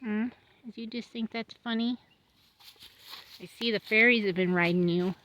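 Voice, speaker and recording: A woman's voice: mid-range voice, moderate pace, a bit bright, slight background noise, poor audio. A woman farmer chatting casually while tending her horses outdoors, cooing at them in baby talk and scolding them now and then. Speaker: homestead farmer. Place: outdoors at a farm.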